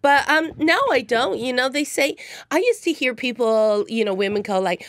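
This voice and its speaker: A middle-aged woman with a distinctive breathy voice, chatting playfully as a guest on a radio show. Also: a little high, moderate pace, fairly bright tone, no echo. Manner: playful and flirty, laughs often. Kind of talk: casual radio interview chat. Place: radio studio. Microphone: studio mic with headphones.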